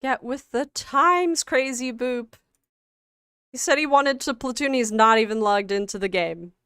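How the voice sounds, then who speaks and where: Slow-talking woman streamer, smooth voice. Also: on the high side, pushed and bright, no room sound, studio quality. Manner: halting, many fillers and restarts. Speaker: stream co-host. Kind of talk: casual livestream chat.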